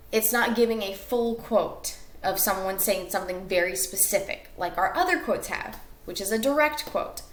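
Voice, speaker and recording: A woman's voice: mid-range voice, fairly bright tone, roomy sound. A woman teacher talking through a recorded class lesson step by step, with fillers and self-corrections.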